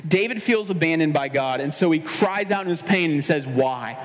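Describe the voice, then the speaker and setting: A man preaching a sermon as pastor, earnest and measured, slowing down for emphasis. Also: fairly high pitch, big-room sound.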